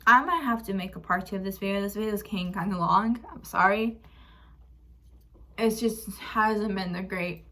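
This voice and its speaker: A young woman vlogger speaks to camera at a medium pitch and moderate pace, her voice a touch bright. She frankly and emotionally recounts a painful family story, quoting arguments with "I'm like" and swearing now and then.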